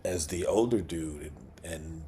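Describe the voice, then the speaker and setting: A man's voice: sits low, a little slow, mellow, a little hiss or hum. A man in his sixties, a guest actor in a casual interview, talking in a laid-back way with chuckles and repeated phrases. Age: 60s.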